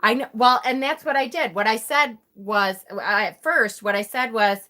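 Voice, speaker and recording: A woman's voice: mid-range voice, lively intonation, moderate pace, hardly any pauses, pushed and bright. A middle-aged woman hosting a live tarot stream, chatting casually with an exasperated, laughing manner.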